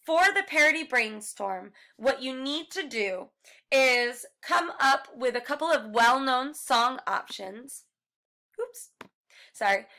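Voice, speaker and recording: A woman's voice: on the high side, bright, forceful tone. A woman music teacher explaining a class project step by step in a recorded lesson, now and then singing short examples.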